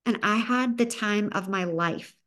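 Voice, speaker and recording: A woman's voice: medium pitch, measured pace, pushed and bright. Upbeat Southern woman giving a pep talk. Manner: upbeat, emphatic, pep-talk delivery with rising bursts. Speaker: podcast host. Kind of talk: motivational podcast monologue.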